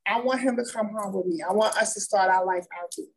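She talks fast in a mid-range voice, on a rough recording. Her account is candid and conversational: she's married to a man in prison, and she speaks emphatically, laughing and repeating words.

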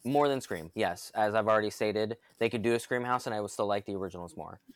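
A man's voice: on the low side, quick pace, no echo. A man co-hosting a casual podcast chat, enthusiastic and long-winded, full of fillers and restarts. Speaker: podcast co-host.

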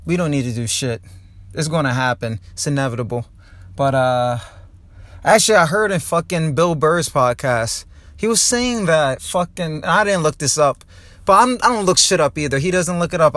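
A man's voice: a little high, a bit bright, dry recording. A young man from New Jersey, a comedian hosting his own podcast, ranting heatedly and with lots of profanity from his car. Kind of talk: angry ranting podcast monologue.

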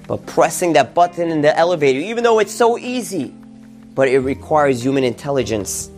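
A man telling a religious story and drawing its lesson, with animated emphasis on key words. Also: a little high, a little fast, faint music behind.

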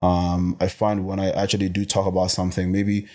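A young personal trainer from Botswana speaks as a guest in a casual interview, his deep voice brisk. He's emphatic and animated, often repeating words as he thinks.

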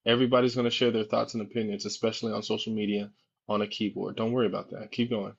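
A man hosting a live social media discussion, asking probing questions in a calm, reassuring way. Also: lowish voice, fast, creaky, husky. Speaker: host. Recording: dull lo-fi audio.

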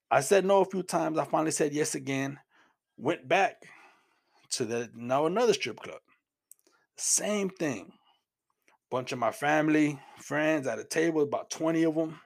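This middle-aged Houston, Texas man shares his Christian testimony as a personal story, earnest and plain-spoken, repeating words along the way. He talks at normal speed in a higher-than-average voice with vocal fry and long pauses.

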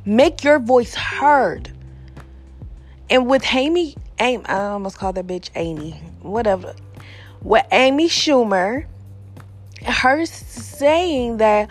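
Brief: young woman vlogger, outspoken and profane, higher voice, faint music under her. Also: takes it slowly. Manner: blunt, profane, animated. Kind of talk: casual opinion rant.

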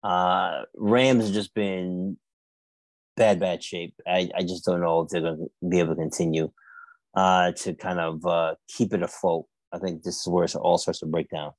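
Low-voiced man hosting a sports chat. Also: moderate pace, no room sound. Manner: steady, leads the picks and wraps up the show. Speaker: podcast co-host.

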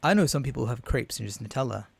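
A laid-back young man talks in a measured, deadpan way during a casual chat among friends. His voice is mid-pitched, and the sound is dry and close. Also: vocal fry, breathy edge, no room sound. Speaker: podcast co-host.

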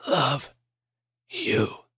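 A man voicing a frail, dying elderly professor in a whispered role-play, thin and raspy, speaking in short breathy bursts. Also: drawn-out words, sharp tone, no echo, clean studio sound. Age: older.

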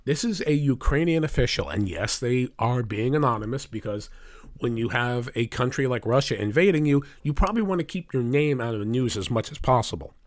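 A man's voice: mid-range voice, animated, a little fast, no echo. A man delivering a combative, profane political opinion rant with heavy sarcasm. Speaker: political commentator.

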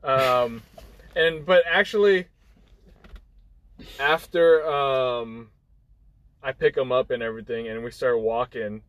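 A man's voice: medium pitch, slow, long pauses, a bit bright, no room sound, rough recording. A young man telling a rambling personal anecdote in casual chat, full of fillers and restarts, acting out what people said. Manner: rambling, many fillers and restarts, acts out quotes. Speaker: guest storyteller.

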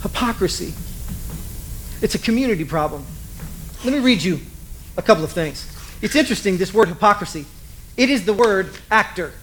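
Animated preaching man. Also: high voice, normal speed, pauses often, slight background noise, poor audio. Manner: animated preaching with acted-out asides. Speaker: pastor. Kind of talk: sermon.

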